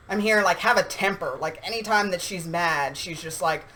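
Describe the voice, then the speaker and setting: A woman giving a casual tarot reading straight to her viewers in a chatty, animated way. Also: lowish voice, brisk, few pauses, rough recording. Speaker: tarot reader.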